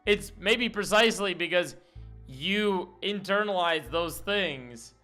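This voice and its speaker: A man's voice: high voice, lively intonation, slow, sharp tone, soft background music. A man streaming and reacting to a video in casual chat, laughing and talking back to the clip in disbelief.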